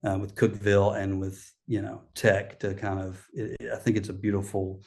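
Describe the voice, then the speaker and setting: A man's voice: on the low side, little pitch movement, normal speed, gravelly, darkish tone. A middle-aged man, a guest chatting casually in an interview, rambling with many fillers and restarts. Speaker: guest, coffee shop owner.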